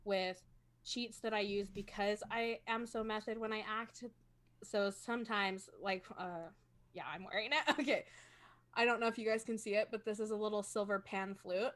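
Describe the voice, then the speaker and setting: A woman's voice: medium pitch, a bit bright. Woman, role-playing gamer, casual video chat, laughs often, self-conscious, home mic. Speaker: role-playing game player. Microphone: home streaming microphone.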